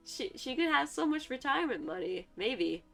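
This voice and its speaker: Lively woman streamer reading a visual novel. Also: sits high, normal speed, vocal fry. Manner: chatty, laughing asides. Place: home streaming setup. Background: faint background music.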